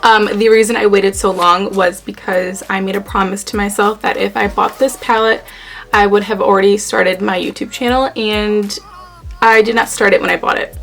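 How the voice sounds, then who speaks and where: A woman's voice: mid-range voice, fairly even intonation, normal speed, creaky, a bit bright, soft background music, poor audio. A young woman chatting casually through a makeup tutorial, playful and talking to herself as she works. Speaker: beauty YouTuber.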